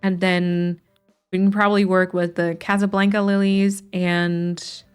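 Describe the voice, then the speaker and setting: A woman's voice: lowish voice, little pitch movement, unhurried, clear, resonant tone, faint music behind. Chatty woman streamer thinking aloud. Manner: chatty, thinks aloud with frequent restarts and light laughs. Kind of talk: casual live-stream chat while playing a game.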